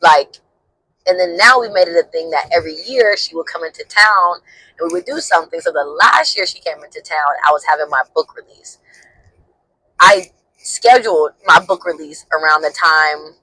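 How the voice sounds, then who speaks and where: A woman's voice: fairly low pitch, moderate pace, bright, forceful tone, husky, no echo, rough recording. A woman in her thirties, a counselor and vlogger, telling a heartfelt personal story in a casual way, with many "like" fillers.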